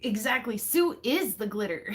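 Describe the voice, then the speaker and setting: A woman from Montana hosting a casual chat with her viewers, laughing a lot and saying "like" and "seriously" often. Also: sits high. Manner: chatty, says "like" and "seriously" a lot. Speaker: rockhound channel host.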